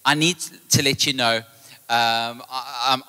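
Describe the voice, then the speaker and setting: Pastor preaching in reverberant hall. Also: male voice, mid-range voice, measured pace, smooth. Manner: storytelling, animated retelling of conversations. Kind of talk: live sermon. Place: church hall.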